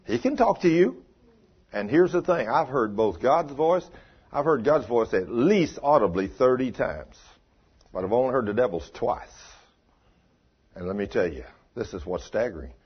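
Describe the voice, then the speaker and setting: Folksy husky older preacher. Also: male voice, mid-range voice, very animated, moderate pace, highs cut off. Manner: folksy, storytelling, swings between loud and hushed. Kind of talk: sermon.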